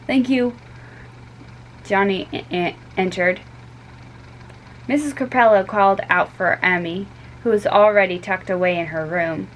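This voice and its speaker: A woman reading a chapter of a children's story aloud, unhurried, with small stumbles and restarts. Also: mid-range voice, a little hiss or hum, rough recording.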